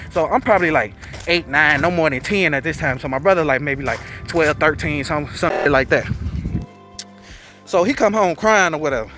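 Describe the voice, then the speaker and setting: A man vlogging to camera, telling a story in a loose, profane, animated way and acting out quotes. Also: a little high. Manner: profane, animated, acts out quotes in character voices. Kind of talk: casual storytelling.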